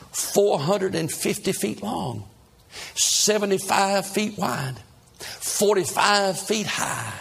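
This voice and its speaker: Husky preacher telling a story. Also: male voice, a little high. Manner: dramatic, repetitive storytelling. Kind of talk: sermon storytelling.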